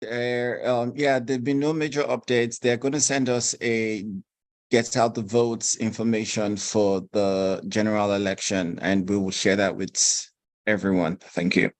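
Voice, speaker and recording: Meeting member, man, low pitch, sincere, halting. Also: little pitch movement, poor audio. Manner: earnest, hesitant. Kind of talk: virtual meeting. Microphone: video call.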